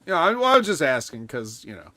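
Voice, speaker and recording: A man's voice: fairly high pitch, very animated, quick pace, pushed and bright, no echo, soft background music. A man co-hosting a podcast, chatting casually with a dry, sarcastic manner. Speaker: podcast co-host. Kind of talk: casual wrestling banter.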